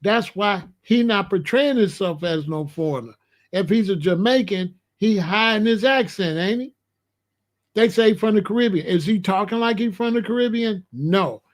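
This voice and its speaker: A man hosts a casual live stream. His voice sits high for a man. He talks in an animated way, laughs between points and calls out viewers by name. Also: a little slow. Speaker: host of a live call-in show.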